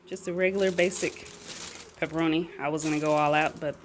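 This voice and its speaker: A woman's voice: low-pitched, fairly even intonation, brisk, slight background noise. A mother vlogging casually from her quarantine apartment, narrating with dry, teasing humor.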